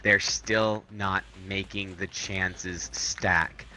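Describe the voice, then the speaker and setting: A man with a bright, forceful, somewhat low voice, joking crudely and rowdily about a game. He breaks into loud outbursts now and then, over a faint hiss of background noise. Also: fairly even intonation, extremely slow. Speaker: gaming co-host. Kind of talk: casual gaming commentary.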